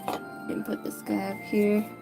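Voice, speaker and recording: A woman's voice: medium pitch, monotone, unhurried, creaky, over music. A woman chatting casually with viewers while drawing on a livestream, greeting people by name and often stumbling and correcting herself. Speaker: livestreaming artist.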